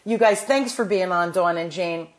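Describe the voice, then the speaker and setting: Hosting a podcast, a woman with a New Jersey accent talks in a fairly low voice at normal speed. It's a casual chat, enthusiastic and motivational, and she keeps restarting her sentences.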